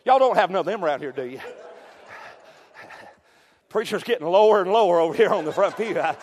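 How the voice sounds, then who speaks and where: A man preaching a sermon as pastor, telling folksy stories and dropping amens, sometimes breaking into shouts. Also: sits high, animated, brisk, long reverb tail. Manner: folksy storytelling, peppered with amen, rising to shouts. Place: church sanctuary.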